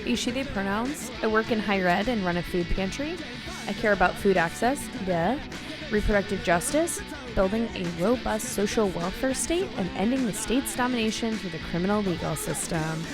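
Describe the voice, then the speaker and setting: A woman co-hosting a film podcast in chatty casual talk, laughing easily, with a bright customer-service lilt. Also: medium pitch, lively intonation, brisk, over music. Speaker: podcast co-host. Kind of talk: casual chat.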